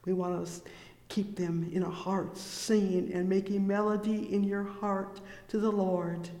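A fervent preacher delivers a slow, measured sermon in a fairly even, steady tone. Between scripture readings comes a constant stream of heartfelt exclamations of praise. The voice rings out in a large, reverberant hall. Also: medium pitch, creaky. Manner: fervent, interjects "oh, yes" and "praise the Lord" between verses.

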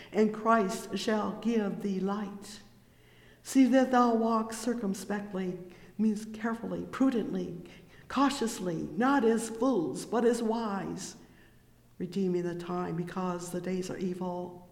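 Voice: medium pitch, slow pace, gravelly. A preacher delivering a sermon, reading scripture and breaking in often with fervent cries of praise between verses. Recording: echoey reverberant hall.

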